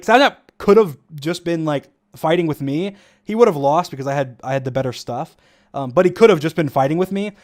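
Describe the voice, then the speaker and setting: Chatty man with a highish voice. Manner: rambling, fast, many fillers, laughs often. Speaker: gamer commentating his own match footage. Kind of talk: casual commentary.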